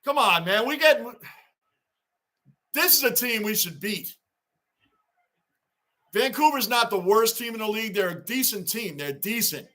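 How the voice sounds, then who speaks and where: A man hosting a live sports reaction stream, rambling excitedly and reading fan chat aloud. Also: high-pitched, a little slow, long pauses. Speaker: livestream host.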